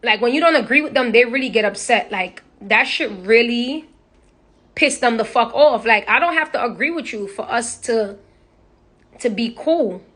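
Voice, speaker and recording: Talking bluntly and swearing on her phone livestream indoors, a young social media personality keeps things casual. Her voice runs on the high side, with lively intonation, a normal speed, and a slightly bright tone.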